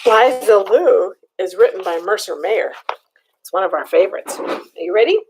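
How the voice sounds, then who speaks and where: An older woman reading a picture book aloud to children, animated and stopping to ask them questions. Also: medium pitch, normal speed, slight background noise. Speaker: storyteller.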